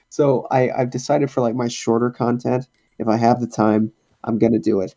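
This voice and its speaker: A man's voice: medium pitch, flat delivery, a little fast, mellow. A young man co-hosting a casual podcast from home, speaking bluntly and swearing freely. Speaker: podcast co-host. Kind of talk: casual chat. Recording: dull lo-fi mic.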